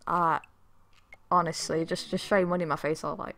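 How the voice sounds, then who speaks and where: A woman's voice: on the low side, steady tone, moderate pace, a bit bright, a little hiss or hum. A woman chatting casually and swearing while she streams a game and reads its text aloud. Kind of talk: casual let's-play commentary.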